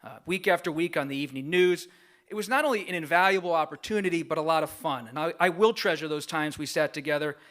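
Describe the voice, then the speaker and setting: Bright-voiced man giving a heartfelt acceptance speech. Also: fairly high pitch, quick pace. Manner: earnest and grateful, reading a prepared speech. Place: large gala banquet room.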